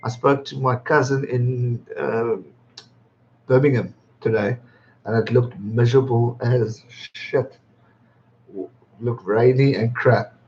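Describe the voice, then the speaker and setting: This man, in his twenties and from England, talks slowly with frequent pauses in a mid-range, fairly even, slightly mellow voice. He's hosting his birthday livestream, chatting casually, reading out viewer comments, laughing often and swearing freely. There's slight background noise in the slightly dull lo-fi stream audio.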